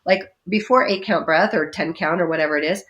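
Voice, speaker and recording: A woman talking as a podcast guest about breathing exercises, animated, dropping into playful voices for her inner thoughts. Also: fairly quick. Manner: lively, acts out inner voices with big pitch jumps. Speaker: guest energy healer. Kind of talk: podcast interview, coaching talk.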